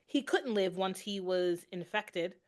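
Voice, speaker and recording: A woman co-hosting a podcast, chatting casually and thinking aloud with quick reactions. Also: mid-range voice, a little mellow. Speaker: podcast co-host. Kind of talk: casual chat.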